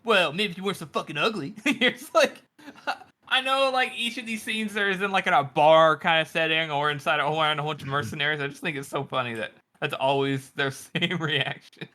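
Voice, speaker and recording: A man co-hosting a book podcast who laughs easily and jumps in with joking commentary. His voice is high and bright for a man. He riffs on the story with mock dialogue, keeping the talk loose and casual. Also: fairly even intonation, a little fast. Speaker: podcast co-host. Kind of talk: casual chat.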